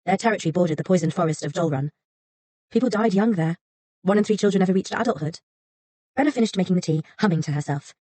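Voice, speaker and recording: Woman audiobook narrator, measured and softly breathy, lower pitch. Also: dry recording. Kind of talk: scripted narration.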